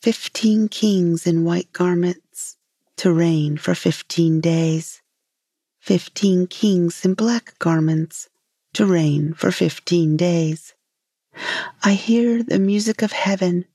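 A gentle moon fairy pleads in a lyrical, unhurried voice, as a woman reading the tale gives her lines. Her tone is low and slightly husky with a mellow warmth, in a dry close recording. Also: no echo. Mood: chanting.

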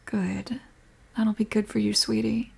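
A young woman in a whispered role-play as a comforting girlfriend, speaking softly and protectively. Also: medium pitch, moderate pace. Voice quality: breathy.

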